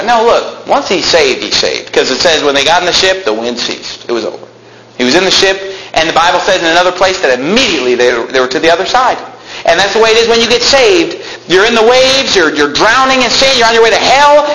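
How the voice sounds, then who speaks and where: A man preaching a sermon in a church, animated, acting out quotes and bursting into shouts. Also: high voice, a little fast, echoey room, noisy background.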